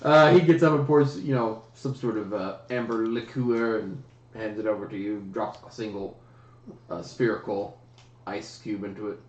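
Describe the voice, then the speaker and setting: Brief: male game master, mid-pitched, loose rambling narration, roomy muffled stream audio. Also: moderate pace. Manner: relaxed, rambling narration with fillers. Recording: roomy, dull livestream audio.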